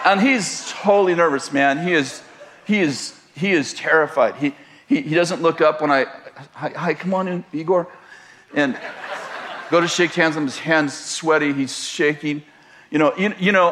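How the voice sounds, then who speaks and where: A man's voice: a little high, a bit bright. A man preaching a sermon, telling a humorous story and often laughing as he goes. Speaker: pastor.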